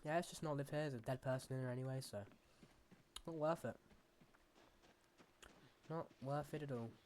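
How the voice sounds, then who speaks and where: A man's voice: medium pitch, moderate pace, darkish tone, a little hiss or hum. A man hosting a gaming channel, talking to himself as he plays in loose, rambling commentary full of fillers and restarts. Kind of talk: casual gameplay commentary.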